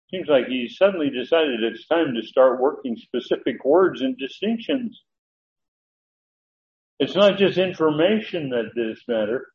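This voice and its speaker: A man's voice: mid-range voice, expressive, a little slow, muffled recording, slight background noise. A man teaching a Bible study, explaining Greek words and acting out the quoted dialogue, with some restarts and fillers as he checks his notes.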